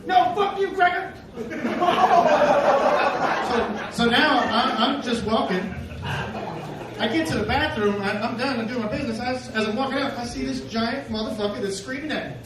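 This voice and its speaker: A man doing a rambling, self-deprecating stand-up set, swearing often and throwing in quick asides, on a comedy club stage. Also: very high voice, recorded from a distance. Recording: echoey club, heard from afar, noisy. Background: audience laughter.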